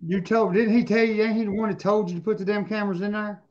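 A man's voice: high-pitched, steady tone, quick pace, darkish tone. A man in casual podcast banter, joking and cussing. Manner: profane, joking. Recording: dull lo-fi mic.

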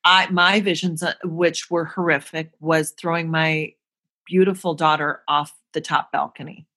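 An actress being interviewed, telling a personal story candidly and earnestly, with emotion. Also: female voice, sits low, level tone, a little slow, sharp tone. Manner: earnest, emotional, acts out quoted voices. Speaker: guest, actress.

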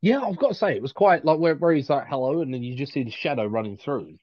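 A man co-hosts a podcast on a dull, lo-fi mic in a dry room. His pitch swings a lot as he rambles and hunts for words. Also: fast talker, no echo. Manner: animated, rambling, searches for words. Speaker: podcast co-host. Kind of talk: casual podcast chat.

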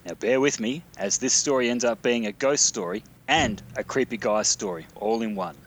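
A man's voice: medium pitch, sing-song, moderate pace, a little hiss or hum. An Australian man from South Australia reading out his own spooky hometown story, with casual, dry asides. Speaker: listener sending a recorded story. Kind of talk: reading a written story aloud.

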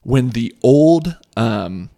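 Rambling, excitable American podcast host. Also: male voice, medium pitch, extremely slow, creaky. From United States. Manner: rambling, excitable, swears, many fillers. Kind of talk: casual chat.

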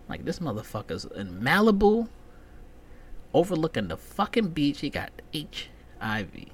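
A man's voice: a little high, huge pitch swings, normal speed, a little hiss or hum. A man hosting his own podcast, telling a rambling, profane story in a casual monologue. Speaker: podcast host.

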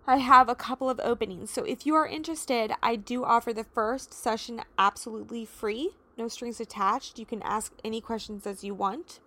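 A woman's voice: on the high side, normal speed, sharp tone. A woman in her thirties hosting a solo podcast, talking in an emotional, earnest, encouraging way with many "you know"s and "like"s. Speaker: podcast host and life coach. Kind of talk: heartfelt solo podcast talk.

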